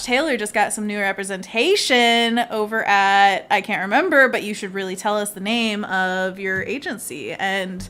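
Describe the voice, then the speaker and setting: Speaking in a mid-range, slightly bright voice at a moderate pace with few pauses, she chats through her live painting stream. The illustrator is bubbly and laughs often as she explains her work.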